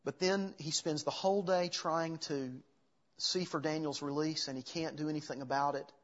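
A man's voice: a little high, steady tone, normal speed, dull audio. A man preaching a sermon, earnest, reading scripture aloud between his own explanations. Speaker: pastor.

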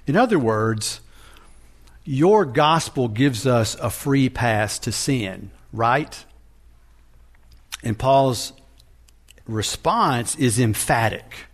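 A man preaching a sermon, teaching from scripture in a deliberate manner with frequent restarts. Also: mid-range voice, lively intonation.

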